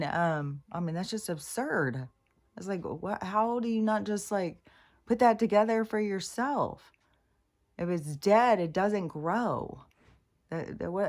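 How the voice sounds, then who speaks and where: A woman in a casual vlog, rambling and exasperated, swearing freely and growing loud when indignant. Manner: grows loud and high-pitched when indignant. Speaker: vlogger. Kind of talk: casual spiritual vlog rant.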